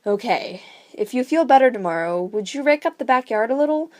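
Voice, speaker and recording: A woman's voice: fairly high pitch, animated, brisk, a little mellow, pitched above the performer's own voice, close to an everyday voice. A woman reading a worried, stern father. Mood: weary.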